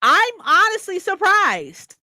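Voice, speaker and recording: A young woman chatting casually about a book she's reading, excitable, swearing often and acting out lines. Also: extremely high pitch, slow, no room sound, clean studio sound. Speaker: streamer hosting a reading session.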